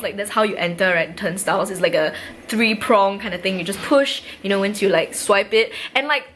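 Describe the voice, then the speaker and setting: Bright-voiced young Singaporean woman. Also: mid-range voice, a little hiss or hum. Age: 20s. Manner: chatty, heavy use of "like", acts out quoted dialogue. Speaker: vlogger. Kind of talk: casual storytime narration.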